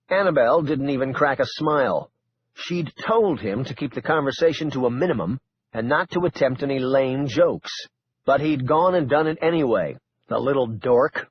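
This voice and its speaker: A man reading a thriller audiobook aloud in a steady, measured narration. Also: mid-range voice, breathy edge, dull audio. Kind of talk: scripted narration.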